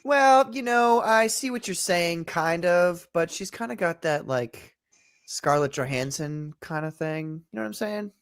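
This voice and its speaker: A man co-hosting a casual podcast, animated and swearing freely as he talks. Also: high voice, a little slow, clean tone. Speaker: podcast co-host. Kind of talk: casual chat.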